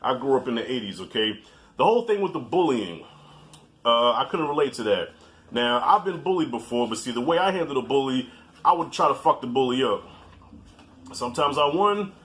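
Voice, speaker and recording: A man's voice: medium pitch, a bit bright. A man in his forties giving a blunt, joking, profane movie review as a guest in casual chat. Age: 40s.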